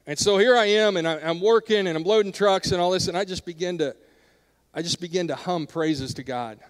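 A middle-aged man preaching a sermon in a church, earnest, turning softer and quieter during personal stories. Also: sits high, brisk, smooth. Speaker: pastor. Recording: long hall reverb.

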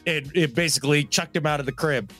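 Bright-voiced laughing podcast co-host man. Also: on the high side, fast talker, soft background music. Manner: loose, laughing, lots of fillers. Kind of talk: casual podcast chat.

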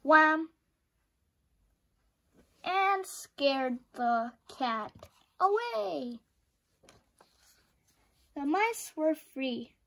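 High-voiced woman reading a picture book aloud. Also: extremely slow, gravelly, pauses often. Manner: expressive, with sound effects. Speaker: storyteller. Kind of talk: children's book read-aloud.

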